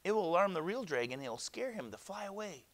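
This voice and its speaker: A man's voice: high-pitched, sing-song, quick pace, dry recording, pitched above the performer's own voice. A man doing a clever little girl. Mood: eager.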